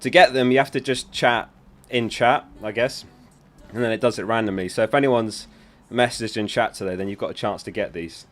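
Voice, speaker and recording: A man's voice: fairly low pitch, a little fast, a bit bright. A young man hosting a casual livestream, chatty and giggly as he talks to his viewers from home. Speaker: livestream host. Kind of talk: casual live-stream chat.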